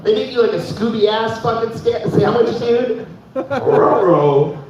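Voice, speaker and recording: A young man doing stand-up in a loose, chatty way, with a fairly high voice. He keeps tossing in "dude" and chuckles at his own lines. The sound is very echoey, dull and picked up from a distance, with faint noise behind it. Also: little pitch movement, normal speed. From Fargo, North Dakota. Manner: casual, says "dude" constantly, laughs at own jokes. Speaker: stand-up comedian. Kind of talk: stand-up comedy set. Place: live comedy show in a room. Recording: echoey room, mic heard from far, dull.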